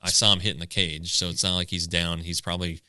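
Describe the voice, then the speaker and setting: A man co-hosting a podcast, chatting casually about a pitcher's numbers, with many halting restarts. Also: level tone, pushed and bright, dry recording. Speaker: podcast co-host. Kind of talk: casual sports chat.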